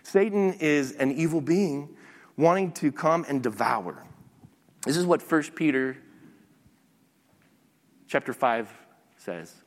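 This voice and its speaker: A man preaching a sermon as a pastor, teaching lively with occasional restarts. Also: fairly high pitch, slow pace, pauses often, in a large hall. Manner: animated preaching with some restarts.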